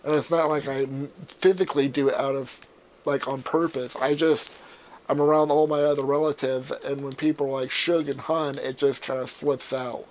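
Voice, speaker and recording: A man born in Florida and raised in Arizona, chatting casually and telling animated, profane stories while playing a game. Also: medium pitch, normal speed, a little hiss or hum, rough recording. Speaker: gamer.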